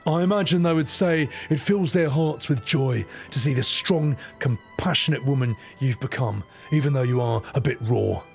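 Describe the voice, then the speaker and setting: A man's voice: mid-range voice, moderate pace, creaky, few pauses, soft background music, lightly acted. A man voicing a proud older male leader in a game cutscene, speaking in a stately tone that he breaks with crude insults. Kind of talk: playful dub-over of a game cutscene.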